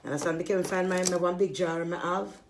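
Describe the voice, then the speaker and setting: A woman's voice: on the low side, level tone, fast talker, a little hiss or hum. A woman, a small business owner venting in an angry, profane monologue. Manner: irritated, profane ranting.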